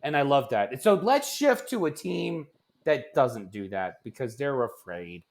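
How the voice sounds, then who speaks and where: A man co-hosting a casual sports podcast, ranting in an animated, exasperated way that often turns loud. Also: medium pitch, a little slow, gravelly. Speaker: podcast co-host.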